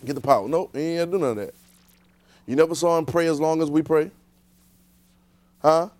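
A man's voice: fairly high pitch, brisk, a little mellow, dry recording. A man preaching a conversational sermon, repeating himself and throwing rhetorical questions at the congregation.

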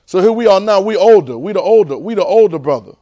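A man with a high voice talks fast as he preaches a sermon to a class at a church training center. He is animated and repetitive and fires off rhetorical questions.

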